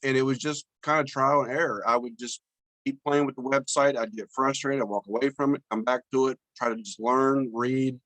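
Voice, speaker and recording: A business owner calls into a casual Zoom group chat with his camera off, audio only, and tells how things went. His medium-pitched, slightly bright voice is brisk with fairly even intonation, and he's modest, plainspoken, and laughs easily. There's no room sound.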